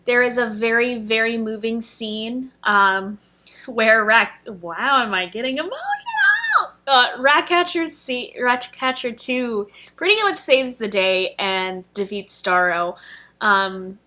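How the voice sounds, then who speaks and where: Young woman, film review vlogger, bright higher voice, chatty and gushing. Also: slow. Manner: gushing, emotional, chatty with fillers. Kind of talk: casual chat.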